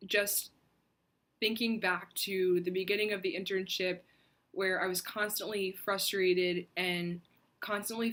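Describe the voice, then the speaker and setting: A young woman vlogger telling a personal faith story in an earnest, reflective way, with soft pauses and fillers. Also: mid-range voice.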